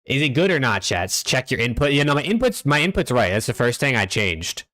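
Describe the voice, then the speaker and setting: Speaking brisk and very animated, with a bright, forceful tone at medium pitch, a young American man chats casually with viewers while hosting a live-stream watch party at home. He's laid-back and profane on his desk mic, talking to chat and reading usernames out loud.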